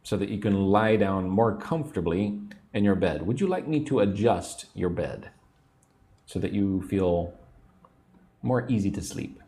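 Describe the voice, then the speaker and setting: A man's voice: low voice, unhurried, warm tone. A man teaching an English lesson on a livestream, patiently repeating words for learners and sounding a little sleepy. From United States. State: sleepy, yawning.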